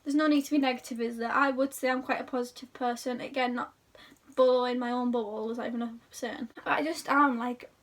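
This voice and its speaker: High-voiced chatty young woman. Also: fairly even intonation, fairly quick, far from the mic. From England. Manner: chatty, rambling, self-deprecating. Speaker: YouTuber. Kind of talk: casual chat to camera.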